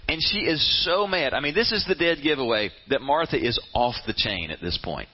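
A man preaching a sermon, retelling a story with lively, swooping delivery. His voice is a little husky and sits fairly high for a man. The recording sounds dull and lo-fi. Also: a little fast. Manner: animated storytelling, addresses the audience directly.

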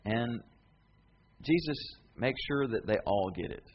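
A male pastor preaching a sermon in a colloquial, dramatic storytelling manner, with a voice of middle pitch. The recording is slightly muffled, with faint ambient noise behind it. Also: expressive, measured pace.

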